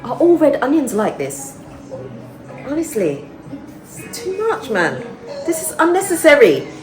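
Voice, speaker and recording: A woman's voice: high-pitched, a little slow, soft background music. A middle-aged woman chatting casually to camera in her kitchen, exclaiming and talking straight to her viewers. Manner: expressive, exclaiming, talks to camera. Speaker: vlogger. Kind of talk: casual vlog chat. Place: home kitchen. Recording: roomy kitchen echo.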